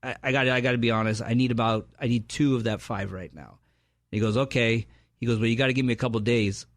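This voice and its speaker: Fast-talking man telling stories. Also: mid-range voice, no echo, studio quality. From San Diego area. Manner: fast, animated storyteller, acts out friends' lines. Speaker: podcast co-host. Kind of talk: casual storytelling chat.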